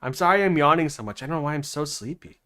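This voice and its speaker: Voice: medium pitch, expressive, fast, background noise. A streamer giving casual, chatty gameplay commentary with playful, crude jokes. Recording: loud game music behind. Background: game music.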